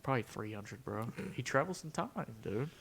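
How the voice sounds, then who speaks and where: A man's voice: mid-range voice, moderate pace, creaky, slight background noise. Young man telling stories animatedly. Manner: animated storyteller, acts out quotes, says "bro" and "dude". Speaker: podcast co-host. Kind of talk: casual storytelling chat.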